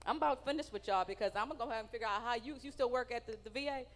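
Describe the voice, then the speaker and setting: A woman's voice: a little high, racing, a bit bright. A woman doing a stand-up comedy set on stage, brash and profane, teasing people in the audience. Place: comedy stage in a large hall. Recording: live venue with long hall reverb.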